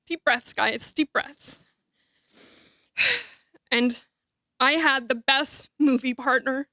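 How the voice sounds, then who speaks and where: A woman's voice: sits high, extremely slow, pauses often, sharp tone, dry recording, studio quality. A woman speaking as a sister at a memorial, heartfelt and tearful. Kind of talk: memorial speech. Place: memorial hall.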